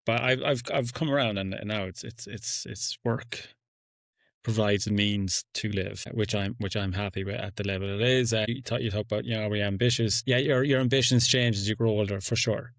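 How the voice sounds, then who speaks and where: A man's voice: on the low side, fairly even intonation, brisk, a bit bright, dry recording. An Irish man in his forties co-hosting a podcast, talking casually and often repeating words as he thinks. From Ireland. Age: 40s. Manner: hesitant, repeats words while thinking aloud. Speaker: podcast co-host. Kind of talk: casual chat among friends.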